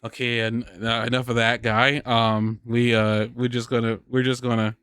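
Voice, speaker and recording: A man's voice: mid-range voice, little pitch movement, moderate pace, a bit bright, clear, resonant tone, dry recording. A man hosting a live podcast, chatting casually and rambling, restarting his sentences and laughing often. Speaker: podcast host. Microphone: studio microphone on a live stream.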